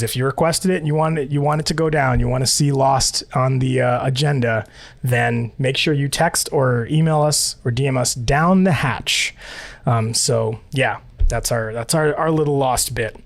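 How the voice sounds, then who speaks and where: A man's voice: mid-range voice, no echo. A man co-hosting a podcast in casual chat. He is bubbly, laughs often and rambles with restarts. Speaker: podcast co-host.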